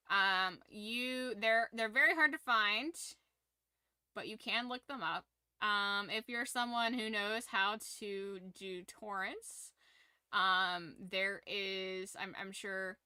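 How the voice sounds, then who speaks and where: A woman streaming from her room at home, chatting casually with viewers in a rambling, excitable way and laughing often. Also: mid-range voice, clean tone, no echo. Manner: animated, rambling fan enthusiasm with frequent laughs.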